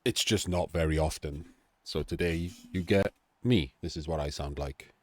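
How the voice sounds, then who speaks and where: Sick, coughing Welsh man, very deep. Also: normal speed, a little mellow, no echo. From Wales. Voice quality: nasal, throaty. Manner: chatty, self-deprecating asides. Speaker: game analyst. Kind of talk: casual game commentary.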